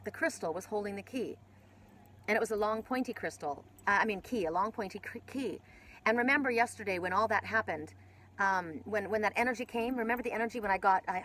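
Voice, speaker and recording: A woman's voice: mid-range voice, fairly bright tone, slight background noise, rough recording. A woman giving a casual spiritual oracle card reading, rambling with many restarts and casual swearing.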